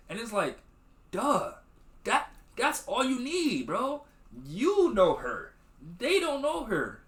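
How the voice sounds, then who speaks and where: A man's voice: very high-pitched, wildly swooping pitch, slow pace, fairly bright tone, reverberant. A man hosting a podcast, recapping a movie in loose slangy chat full of swearing and acted-out quotes. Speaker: podcast host.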